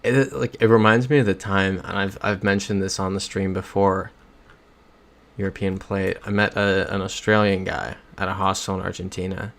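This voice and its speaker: A man's voice: low voice, steady tone, moderate pace, gravelly, fairly bright tone. A young man chatting casually on a livestream while playing a geography game. He rambles through stories and reads viewer comments aloud.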